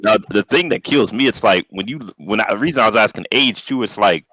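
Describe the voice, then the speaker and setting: Man in his 30s, low pitch, sharp tone, hesitant thoughtful delivery, dry sound. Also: brisk, no echo. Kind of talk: casual chat.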